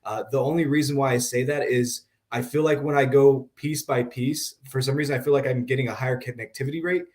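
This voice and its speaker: Brief: mid-pitched man, brisk eager caller. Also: steady tone, a little mellow. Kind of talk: casual question.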